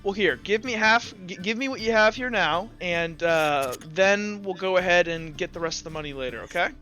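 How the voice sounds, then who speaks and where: A woman's voice: on the low side, normal speed, a bit bright, soft background music, lightly acted. A man voicing a brash, teasing female shopkeeper in a tabletop game, bossy and proud of her wares. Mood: businesslike.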